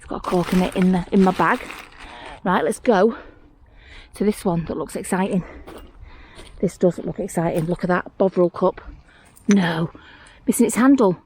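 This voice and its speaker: A woman, giving a casual running commentary outdoors on a hillside, chatty and easily excited by small finds. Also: fairly low pitch, normal speed, pauses often, a little hiss or hum. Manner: chatty, excitable over small finds, talks to herself and the viewer. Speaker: mudlarking vlogger. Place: outdoors on a hillside rubbish tip.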